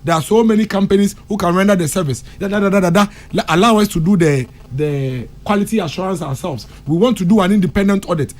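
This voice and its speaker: A man's voice: high voice, fast talker, hardly any pauses, darkish tone. A Ghanaian man with a Ghanaian accent commenting on a morning radio talk show, impassioned, switching between English and Twi and repeating phrases for emphasis. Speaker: radio discussion panelist.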